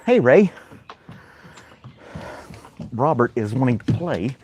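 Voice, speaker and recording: A man's voice: mid-range voice, very animated, extremely slow, pauses often, a little mellow, husky. A man chatting casually as he plays with his dog in a backyard, giving playful commands and chuckling often. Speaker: vlogger and podcast host. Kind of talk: casual chat while playing with his dog. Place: backyard outdoors.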